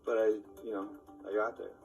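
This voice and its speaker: A man with a lowish voice speaks earnestly about a life-changing decision, pausing often to think. He sounds some distance from the mic, with soft music faintly behind. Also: level tone, creaky. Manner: earnest, reflective, with fillers. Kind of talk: personal story.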